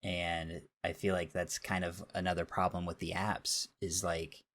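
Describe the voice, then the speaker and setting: A man in his thirties rants on a podcast with a very low-pitched voice. He airs strong opinions in an animated, casual way. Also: moderate pace. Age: 30s. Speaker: podcast co-host. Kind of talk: casual chat.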